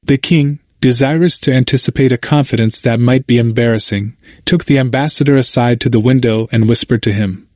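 A man reading a historical narrative aloud in a measured, even manner. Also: medium pitch, no echo. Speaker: audiobook narrator.

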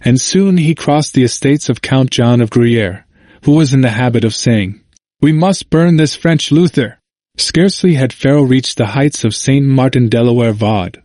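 A man reading a church history aloud in a measured audiobook narration, lifting his voice for quoted shouts. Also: no echo. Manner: measured, raising pitch for quoted cries.

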